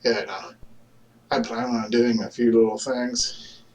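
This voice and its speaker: A man rambles through a casual, argumentative monologue, stopping often to restart his thoughts with fillers. He talks slowly at a middling pitch. His voice comes from some distance away from the mic. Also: level tone. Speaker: vlogger.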